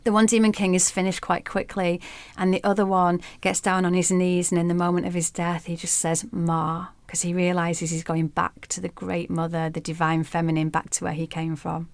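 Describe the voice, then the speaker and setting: Female guest storyteller, lower voice, expressive and vivid; dry recording. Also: a little fast, few pauses, dry recording. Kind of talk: storytelling in an interview.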